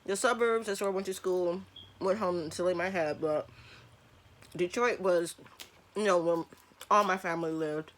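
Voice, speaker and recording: A woman's voice: lowish voice, fairly even intonation, normal speed, pauses often. A woman in her thirties from Michigan, chatting casually through a lunch mukbang vlog in her bedroom. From Michigan, USA. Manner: chatty, laid-back, fillers like um and like. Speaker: vlogger.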